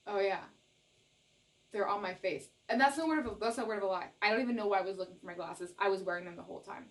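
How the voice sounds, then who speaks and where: A young adult woman from Canada giving a casual tarot reading straight to viewers, laughing often and repeating herself in her excitement. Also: mid-range voice, quick pace. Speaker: tarot reader.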